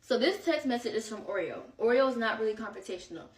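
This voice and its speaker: A young woman telling a story in a casual storytime vlog, animated and exasperated as she recounts it. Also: on the high side, fast. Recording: echoey room, far from the mic.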